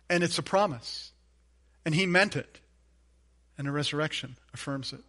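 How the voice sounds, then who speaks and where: Bright-voiced earnest male pastor preaching. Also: on the high side. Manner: earnest, repeats phrases for emphasis, drops to a hushed tone for key points. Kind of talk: sermon with personal storytelling.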